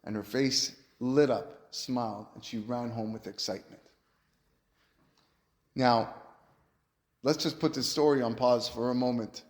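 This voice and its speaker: Earnest rabbi preaching in an echoey room. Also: male voice, mid-range voice, fairly even intonation, a little slow, long pauses, a little mellow. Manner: earnest, rhetorical, storytelling. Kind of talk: sermon-style Torah lesson with storytelling. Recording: roomy echo.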